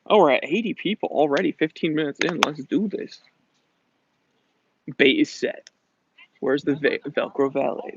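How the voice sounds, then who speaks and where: A man's voice: a little high, lively intonation, normal speed, husky, lo-fi sound. A man in his thirties from New England, hosting a casual live Q&A and joking as he reads out viewer comments. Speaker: livestream host answering chat questions.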